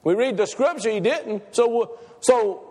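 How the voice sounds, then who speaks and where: A man's voice: very high-pitched, expressive, measured pace, warm tone. A man preaching a sermon to a congregation, asking them questions and repeating his points for emphasis. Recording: reverberant church hall.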